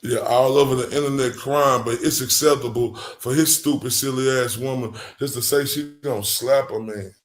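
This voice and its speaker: A man's voice: mid-range voice, fairly even intonation, normal speed, few pauses. A man ranting angrily in profane, mocking commentary. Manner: angry, profane, mocking rant.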